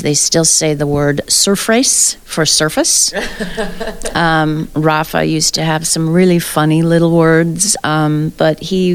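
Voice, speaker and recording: A woman being interviewed about her work transcribing tennis players' press conferences. She speaks in a low voice with a gravelly edge and tells her anecdotes in a chatty, storytelling way. She laughs easily between stories. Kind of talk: interview conversation.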